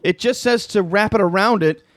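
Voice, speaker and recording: A man's voice: sits high, moderate pace, fairly bright tone, no room sound, clean studio sound. A young man co-hosting a comedy podcast, sarcastic and crude, swearing a lot while eating. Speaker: podcast co-host. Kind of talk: casual comedic chat. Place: small room, eating during recording.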